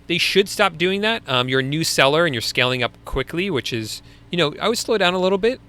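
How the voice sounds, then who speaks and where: A man's voice: on the high side, expressive, brisk, bright, forceful tone, clean tone. A young man with a Long Island accent, hosting a casual live Q&A stream and chatting loosely with viewers. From Long Island, New York. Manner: chatty, laughs easily, restarts often. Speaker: livestream host answering viewer questions.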